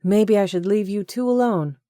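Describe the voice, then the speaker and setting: A woman's voice: medium pitch, moderate pace, dark tone, dry recording, clean studio sound, pitched above the performer's own voice, natural voice. A woman voicing a headstrong young woman who speaks sharply.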